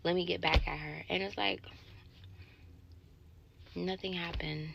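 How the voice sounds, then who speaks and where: A woman telling a casual story to camera about a bad date, indignant and animated, swearing and acting out both sides of the dialogue. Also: fairly low pitch, measured pace, vocal fry, muffled recording, noisy background. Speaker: sales associate telling a dating story.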